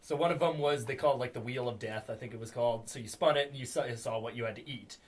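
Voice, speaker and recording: A man's voice: mid-range voice, quick pace. A young man co-hosting a podcast, telling a rambling story among friends, laughing and acting out the people in it. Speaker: podcast co-host.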